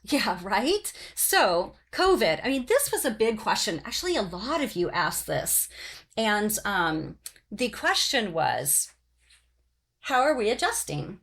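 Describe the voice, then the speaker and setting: A middle-aged woman from Oklahoma hosting her podcast in a casual, rambling chat, often pausing on "um" and "you know". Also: medium pitch, very animated, fairly bright tone. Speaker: podcast host.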